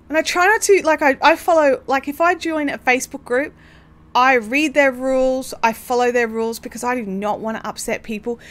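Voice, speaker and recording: A woman's voice: high voice, fairly quick, fairly bright tone. An Australian woman hosting a casual craft livestream, chatty and bubbly, rambling with lots of fillers. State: hiccups. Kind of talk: casual live chat.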